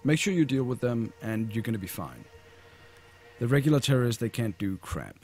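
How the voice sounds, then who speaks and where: A man giving casual, rambling commentary over his own gameplay, relaxed and full of fillers. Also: medium pitch, brisk, faint music behind. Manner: laid-back, rambling, with fillers. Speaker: gamer commentator.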